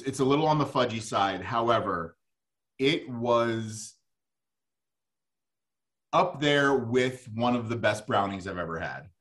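A man's voice: fairly low pitch, a bit bright. A man co-hosting a local radio food show, chatting casually and rambling with lots of fillers.

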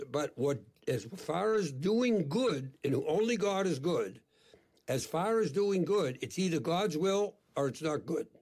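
An older man, a priest, speaking as an interview guest in an emphatic, deliberate, preacherly way. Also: on the high side, a little mellow.

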